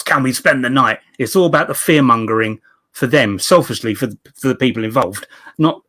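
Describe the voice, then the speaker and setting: A man's voice: mid-range voice, a bit bright. A man co-hosting a paranormal live stream, speaking earnestly with restarts and a bit of a rant. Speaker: co-host and paranormal investigator. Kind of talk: casual chat. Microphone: desk USB mic on a video call.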